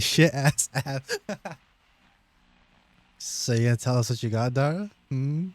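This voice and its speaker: A man's voice: medium pitch, animated, slow pace, pauses often, a little mellow, dry recording. A young American man chatting casually with friends on a stream, joking and teasing them and laughing often.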